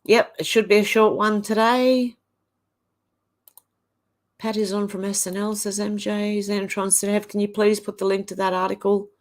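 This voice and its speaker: A woman's voice: medium pitch, flat delivery, normal speed. Australian woman reading out live chat. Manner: reads viewer comments aloud one after another with short offhand asides. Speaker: livestream host. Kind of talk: casual livestream chat reading.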